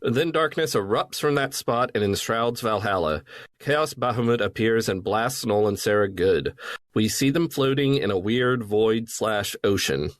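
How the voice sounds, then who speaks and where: Wry, low-voiced male podcast host. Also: unhurried, no echo. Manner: dry, wry, low-key. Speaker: podcast co-host, recapping the story. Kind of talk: casual recap chat.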